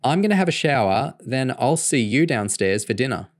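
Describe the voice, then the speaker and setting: A man's voice: medium pitch, sing-song, normal speed, dry recording, clean studio sound, voice pushed up, lightly acted. A man voicing a sporty, teasing teenage girl while reading a novel aloud. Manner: teasing, a touch sharp.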